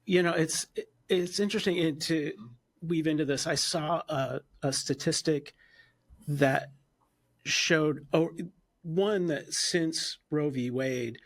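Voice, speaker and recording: A man co-hosting a podcast interview, speaking in a measured way and pausing often to find his words. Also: on the high side. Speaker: podcast co-host. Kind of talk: casual conversational interview.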